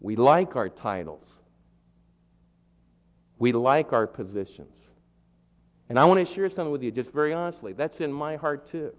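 A man from the East Coast of the United States preaching a sermon as pastor, using repeated rhetorical lists and questions and building to loud, emphatic peaks. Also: medium pitch, lively intonation, normal speed, pauses often. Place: large church sanctuary. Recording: dull lo-fi sound in a reverberant hall.

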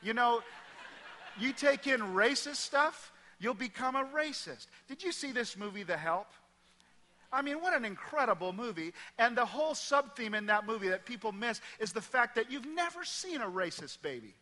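A man's voice: very high voice, big pitch swings, moderate pace, sharp tone. A middle-aged man with a Midwest American accent preaching a sermon in a large church hall, emphatic and repetitive, sometimes dropping almost to a whisper. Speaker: pastor.

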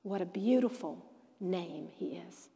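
A woman teaching a Bible lesson to a live audience in a lively preaching style, telling stories and acting out the dialogue. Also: fairly low pitch, a little slow, vocal fry, in a large hall. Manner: animated storyteller who acts out quoted dialogue.

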